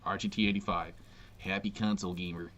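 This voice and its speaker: A very deep-voiced man rants fast and brashly, full of slang and "bro". His voice comes through a dull lo-fi clip with faint noise behind it. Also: flat delivery, a bit bright. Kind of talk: casual rant.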